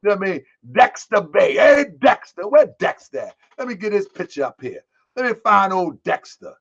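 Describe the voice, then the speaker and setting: A man rants to his online audience in a high, excitable voice. He repeats himself and laughs between points. The recording sounds dull and lo-fi. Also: normal speed, gravelly. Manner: repetitive, heated, laughing, calls the audience family. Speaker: online commentary host. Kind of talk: animated commentary rant.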